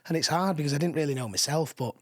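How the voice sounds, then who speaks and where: A man, a podcast guest telling animated stories with frequent laughs. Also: fairly high pitch, racing, no echo, clean studio sound. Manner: animated storytelling, laughs often. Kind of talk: casual chat. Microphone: studio mic.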